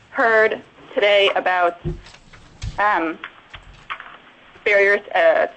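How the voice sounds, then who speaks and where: A woman from Alaska testifies carefully and deliberately. Her voice is mid-pitched. It arrives through a muffled line with faint noise. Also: fairly bright tone. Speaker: public testifier.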